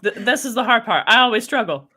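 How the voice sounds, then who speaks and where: A jokey woman co-host in a casual group chat. Her voice is bright and forceful and moves all over the place. She keeps up light banter. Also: fairly high pitch, lively intonation, fast, husky. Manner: playful, jokey.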